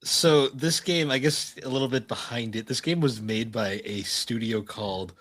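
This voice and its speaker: A man's voice: medium pitch, moderate pace, fairly bright tone. A man co-hosting a retro game podcast in casual chat, wry and laughing often, with the odd swear. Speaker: podcast co-host.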